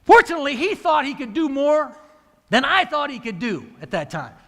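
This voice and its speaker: A man's voice: very high-pitched, normal speed. A middle-aged man, a coach telling a story to an audience and acting out the dialogue. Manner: animated, acts out quoted dialogue. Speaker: wrestling coach and speaker. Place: large hall. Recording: reverberant hall.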